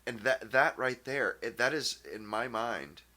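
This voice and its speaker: A man hosting his own channel, ranting casually in a blunt, profane way, with many halting restarts and fillers. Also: mid-range voice, sharp tone. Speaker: channel host. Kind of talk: casual opinion rant.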